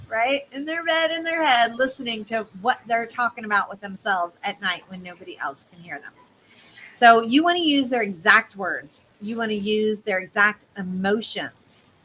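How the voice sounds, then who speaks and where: A woman business coach teaching in a casual, animated way, speaking straight to her listeners. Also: a little high, slight background noise, poor audio.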